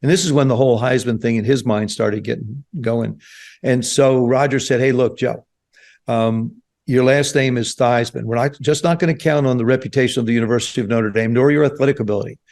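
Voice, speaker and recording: A man in his seventies from New Jersey, a guest telling stories in an animated way on a podcast. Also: mid-range voice, fairly quick. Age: 70s. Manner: animated storyteller, acts out quoted voices. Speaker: guest, former quarterback. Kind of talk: storytelling interview. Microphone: podcast studio mic.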